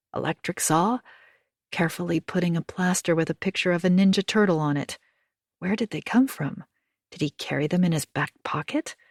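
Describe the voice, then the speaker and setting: A woman giving a first-person audiobook narration in an intimate, hushed way, sometimes dropping to a whisper. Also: lowish voice, no echo, clean studio sound.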